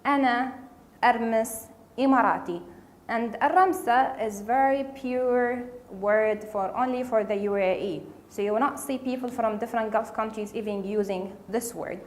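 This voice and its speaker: A woman's voice: on the high side, brisk. A woman teaching a casual spoken language lesson, patiently repeating each word for learners. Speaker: Arabic dialect teacher.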